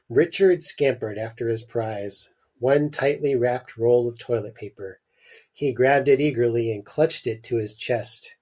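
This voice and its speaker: A man hosting a podcast, reading a short story aloud with expressive delivery and jokey asides. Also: medium pitch, unhurried.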